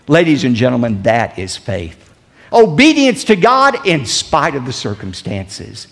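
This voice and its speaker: A pastor delivering a sermon with dramatic swings in loudness and emphasis. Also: male voice, very animated, a little slow, gravelly, in a large hall. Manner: dramatic preaching with big swings in pitch and volume.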